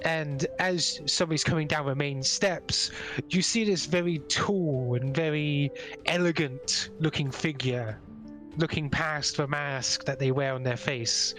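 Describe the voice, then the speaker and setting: A game master narrating a tabletop sci-fi adventure in a relaxed, descriptive way, with frequent fillers. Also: mid-range voice, measured pace, faint music behind.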